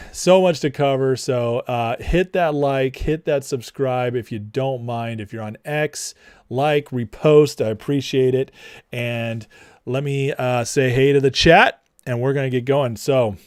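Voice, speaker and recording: A man's voice: mid-range voice, measured pace, clean tone, no room sound, studio quality. A man hosting a casual political livestream, mocking and laughing often as he greets his chat by name. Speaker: livestream host.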